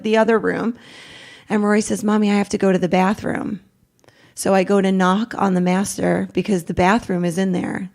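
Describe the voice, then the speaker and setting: A middle-aged woman, a podcast guest, telling a raw personal story in a rambling, animated way, acting out what each person said. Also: medium pitch. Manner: rambling, animated retelling with quoted dialogue.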